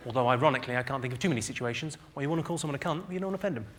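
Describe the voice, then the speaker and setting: A man doing stand-up, roasting the audience with a deadpan, teasing delivery on stage. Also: medium pitch, very fast. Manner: deadpan, teasing crowd work. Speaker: stand-up comedian. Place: live theatre with an audience. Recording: loud audience laughter behind.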